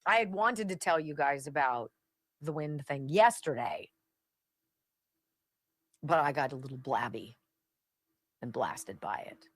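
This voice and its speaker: A woman with a low, animated voice hosts a talk radio show, speaking a little slowly with long pauses on a dry recording. She offers sarcastic political commentary and chats with her live audience, often dropping into asides.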